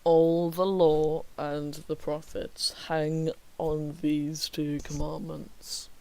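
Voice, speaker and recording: A man's voice: on the high side, flat delivery, very slow, creaky, mellow, clean tone, poor audio. A young man reading his homework aloud on a stream, breaking off into wry joking asides. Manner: wry, slips into whispered mock remarks. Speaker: student streamer.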